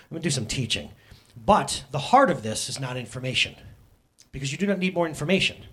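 A man's voice: medium pitch, animated, fairly quick, a bit bright, husky. A man preaching a casual sermon in church, joking and addressing the congregation directly. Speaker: pastor. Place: church sanctuary.

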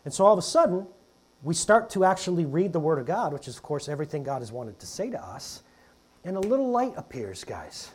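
Preaching in a church hall to his congregation, this pastor sounds fairly high-pitched and very animated, talking fairly quickly with a darkish, slightly rough tone. His style is chatty and conversational, with asides for jokes and frequent use of "guys."

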